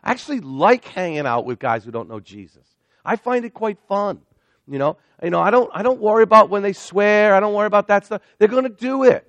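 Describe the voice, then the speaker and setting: A male pastor preaching a sermon in an animated way, swinging between loud emphatic lines and hushed asides. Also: high-pitched, a little fast, no room sound.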